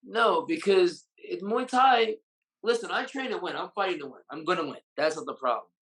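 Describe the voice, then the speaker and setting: A man's voice: high voice, animated, normal speed, fairly bright tone, slight background noise, rough recording. A Muay Thai fighter and coach, a man, speaking bluntly and with raw emotion in a candid interview, swearing freely. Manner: blunt, heavily profane, openly emotional.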